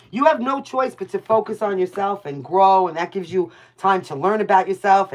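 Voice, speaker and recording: A woman's voice: medium pitch, background noise. A woman with a New York accent giving casual, blunt tarot readings on a livestream, chatting with viewers by name and swearing freely. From Brooklyn, New York.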